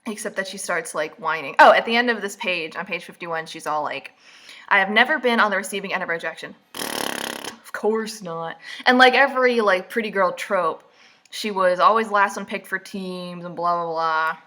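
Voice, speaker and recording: A woman's voice: lowish voice, normal speed, bright, forceful tone. A woman vlogging casual book commentary, sarcastic and mocking, full of "like"s, just woken up. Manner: sarcastic, mocking, chatty with many "like"s.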